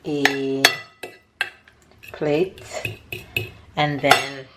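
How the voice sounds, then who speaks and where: A woman's voice: low-pitched, very noisy. Young woman, family vlogger, chatty step-by-step narration, echoey kitchen. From Jamaica. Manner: chatty, narrates each step as she goes. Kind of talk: casual chat to camera. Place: home kitchen. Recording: echoey kitchen with clattering dishes.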